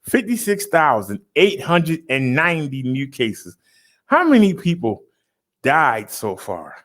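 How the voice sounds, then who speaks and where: Brief: livestream host, male, raised pitch, dramatic announcer delivery, chatty with the audience. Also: sing-song. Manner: showy, drawn-out announcing with loud punches; chatty, addresses viewers as y'all. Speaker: livestream host reading daily stats. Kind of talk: casual livestream chat.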